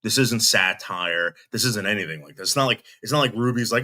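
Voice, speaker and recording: A commentary streamer reacts to a clip with blunt, scornful remarks, speaking directly to the person in it. His voice is fairly low, pushed and bright, and brisk with few pauses.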